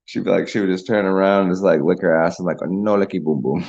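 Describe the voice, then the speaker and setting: A man's voice: sits low, fairly even intonation, quick pace, gravelly, darkish tone, lo-fi sound. A man hosting a casual livestream, rambling, laughing and chatting with viewers over a beer. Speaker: livestream host.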